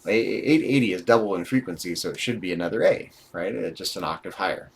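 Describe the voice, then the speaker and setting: Deep, gravelly, and quick, the man's voice leads a live-streamed lesson from a programming book. He reads sections aloud, dictates numbers while typing, and thinks aloud with dry comments, with keyboard sounds and slight background noise behind him.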